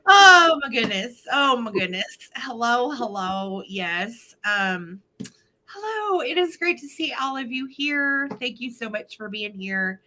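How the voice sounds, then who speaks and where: A woman's voice: a little high, a little slow, hardly any pauses, pushed and bright, slight background noise. A woman hosting a live vintage sale stream from home, chatting casually in a bubbly, giggly way.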